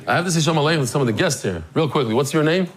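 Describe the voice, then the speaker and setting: A man who teaches and hosts a daily Talmud class tells a story to the live class in a lively, jokey way, acting out the people in it before greeting guests in the room. His voice is a little high and he talks very fast.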